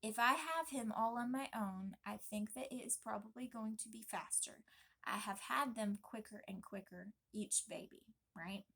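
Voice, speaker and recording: A young woman vlogging casually, talking in an emphatic, chatty and animated way. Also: a little high, normal speed, vocal fry. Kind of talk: casual pregnancy vlog talk.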